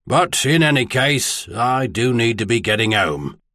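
A man's voice: mid-range voice, big pitch swings, unhurried, bright, forceful tone, no room sound, studio quality. A man reading the part of a wry, shrewd older male spymaster baron in an audiobook. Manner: wry, probing questions.

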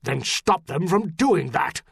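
A man's voice: fairly high pitch, animated, slow, gravelly, fairly bright tone, husky, no echo, voice pushed up, heavily acted. A man reading an audiobook, voicing a belligerent older inquisitor who growls his demands. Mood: gruff. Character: gruff, heavy-jowled older male Grand Inquisitor. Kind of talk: audiobook character voice.

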